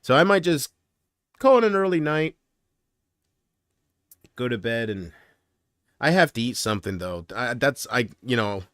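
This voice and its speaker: A man talks casually to his livestream viewers in a dry, close-sounding room. He rambles and gripes, getting loud over small annoyances, then dropping into muttered asides. His pitch sits in a middling range and his sentences often trail off. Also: lively intonation, unhurried, pauses often, no echo.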